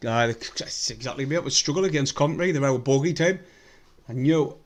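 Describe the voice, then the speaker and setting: Young guy doing a live match stream, swears a lot, goes quiet and mumbly then suddenly loud. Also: medium pitch, fairly quick. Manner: blunt and sweary, mutters and sighs between excited bursts. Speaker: fan livestream host. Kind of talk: casual live match commentary.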